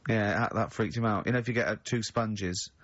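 A man's voice: fairly low pitch, steady tone, fairly quick, a bit bright, no room sound. Guy rambling on, telling stories, dry dull studio sound. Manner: rambling anecdotes, frequent laughter. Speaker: radio show host. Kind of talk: casual chat.

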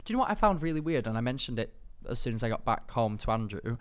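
A man's voice: medium pitch, sing-song, fast, smooth. Male co-host, rambling and giggly, clean resonant tone. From Britain. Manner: rambling, giggly, lots of fillers and restarts. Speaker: podcast co-host. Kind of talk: casual chat.

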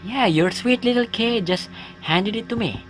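A man's voice: high-pitched, huge pitch swings, unhurried, a bit bright, faint music behind, voice pushed up, exaggerated voice. A man voicing a friendly neighbor woman who gushes and coos over a child's food. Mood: gushing. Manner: cooing, gushing.

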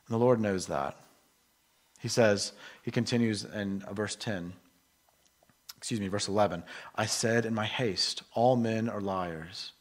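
A middle-aged man preaching a sermon in an earnest, emotional way, moving between soft and emphatic delivery. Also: lowish voice, unhurried, long pauses. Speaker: pastor.

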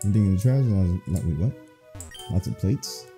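A man's voice: sits low, expressive, a little fast, music in the background. A man playing a horror game on video, reacting with crude, profane jokes. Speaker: gaming video host. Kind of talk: let's play commentary.

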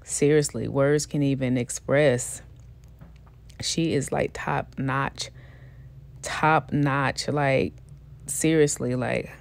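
A woman chatting excitedly to viewers as she unboxes a doll, gushing and repeating her praise, with features. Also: deep voice, very slow, pauses often. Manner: gushing, repeats herself, talks to viewers directly.

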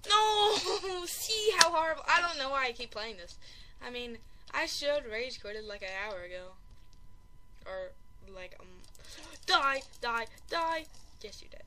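A woman giving live commentary over a video game, excitable and panicky, exclaiming and repeating herself and running herself down as a player. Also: a little high, unhurried, slight background noise. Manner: self-deprecating chatter. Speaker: gaming channel host.

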